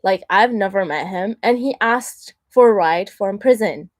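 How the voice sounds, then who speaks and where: A young woman talks straight at the listener in a loose, blunt monologue, leaning on "like" and slipping into mocking voices for quoted people. Her voice sits at an ordinary middle pitch. The sound is dry and close, with no room around it. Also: measured pace, dry recording. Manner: chatty, blunt, full of "like" fillers, acts out quotes in mocking voices. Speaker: host. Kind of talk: casual monologue.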